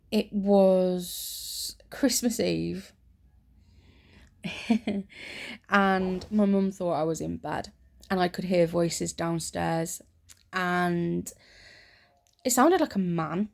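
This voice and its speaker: A woman talking softly and rambling through stories in a soft-spoken ASMR chat, close to the mic. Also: medium pitch, gravelly. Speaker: ASMR creator.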